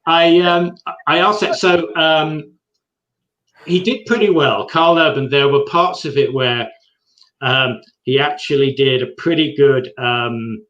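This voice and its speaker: An English man co-hosts a casual TV chat, speaking slowly and hesitantly with lots of restarts. His voice is a little high and slightly bright. The recording sounds roomy, dull and lo-fi.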